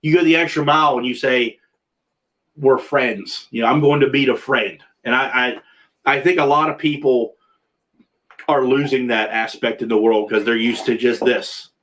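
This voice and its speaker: A man's voice: mid-range voice, steady tone, normal speed, a bit bright. A man hosting a casual video-call chat, rambling and restarting his sentences often. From Pennsylvania. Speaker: podcast host.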